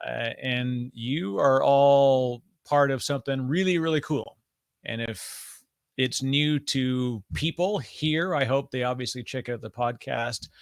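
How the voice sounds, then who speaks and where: A man's voice: mid-range voice, takes it slowly, creaky, clear, resonant tone. A Canadian man hosting a podcast, chatting enthusiastically and casually, poking fun at himself. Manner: enthusiastic, chatty, self-deprecating. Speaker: podcast host. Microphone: podcast microphone.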